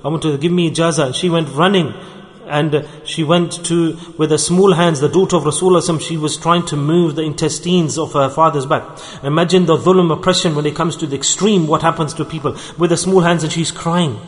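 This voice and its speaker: A man delivers a sermon, telling stories earnestly and drawing out key words as he repeats them. His voice sits on the high side for a man. Long reverb from the hall trails behind him. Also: steady tone, a little fast. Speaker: preacher.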